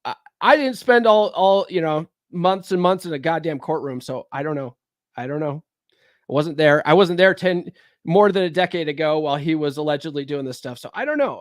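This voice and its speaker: Chatty high-voiced man, dry close mic. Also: normal speed, no room sound. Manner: rambling, conversational, frequent fillers and restarts. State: recovering from a cold. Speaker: livestream host. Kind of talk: casual livestream commentary.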